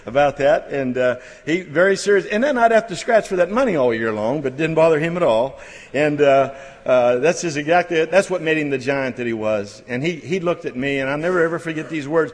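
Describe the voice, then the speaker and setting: A middle-aged man preaching at a church camp, folksy and halting with many restarts, building to fervent exhortation. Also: fairly high pitch. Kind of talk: sermon. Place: church camp meeting hall. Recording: long hall reverb.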